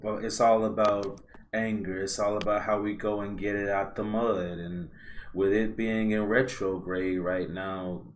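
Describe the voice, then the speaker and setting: Relaxed, rambling man on a call. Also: fairly low pitch, unhurried, a little hiss or hum. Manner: relaxed, rambling, loose slangy phrasing. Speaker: podcast host. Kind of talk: casual astrology chat over a live stream.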